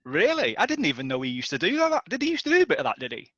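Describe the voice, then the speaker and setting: A middle-aged man, a DJ, reminiscing in relaxed, conversational chat. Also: sits high, very fast, dry recording, muffled recording. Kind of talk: casual chat.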